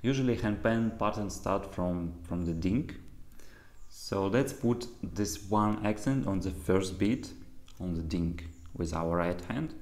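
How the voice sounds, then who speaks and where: Slow, deep-voiced man teaching handpan. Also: darkish tone. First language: Russian. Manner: plain, patient explaining in simple non-native English. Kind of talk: music lesson instruction. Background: handpan playing.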